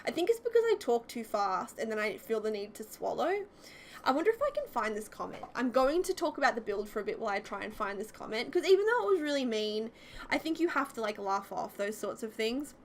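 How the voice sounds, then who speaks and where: Woman, casual voice-over, chatty and self-deprecating, lively pitch, slight hiss. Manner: chatty, fast, many "like" fillers. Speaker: YouTuber.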